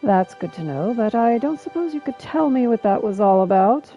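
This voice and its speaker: A woman's voice: on the high side, expressive, moderate pace, highs cut off, soft background music, pitched above the performer's own voice. A woman voicing a courteous, inquisitive male scholar in a fantasy game, using an attempted British-sounding accent. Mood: polite curiosity. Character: male elf scholar, polite and probing.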